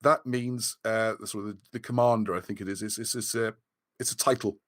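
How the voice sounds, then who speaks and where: A man's voice: on the low side, a little fast, dry recording, clean studio sound. A man giving a casual, rambling livestream talk to his viewers. He restarts his sentences often and says he is losing his voice. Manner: rambling, excitable, many restarts. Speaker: host of a live video chat.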